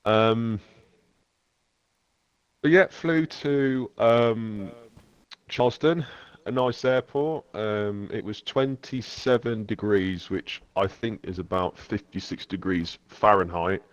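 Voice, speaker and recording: Low-voiced English man telling a story. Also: takes it slowly, no room sound, dull audio. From England. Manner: animated, swearing, loud shifts when quoting others. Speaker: podcast host. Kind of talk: casual storytelling chat.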